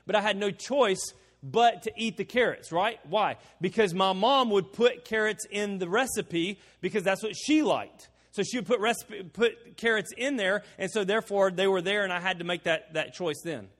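Man, pastor, high voice, conversational sermon, emphatic repeats, long hall reverb. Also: normal speed, fairly bright tone. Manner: conversational preaching with personal stories, emphatic repetition.

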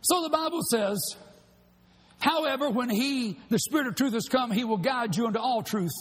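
Man, preacher, very high voice, husky, long hall echo. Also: animated. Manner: preaching with bursts of shouting and fast asides. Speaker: pastor. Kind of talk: sermon.

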